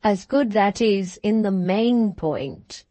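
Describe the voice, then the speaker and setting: A principled country doctor answers in calm, stern, measured tones, as a woman reads him. The pace is slow and the sound is close and dry. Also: mid-range voice, no echo. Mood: firm.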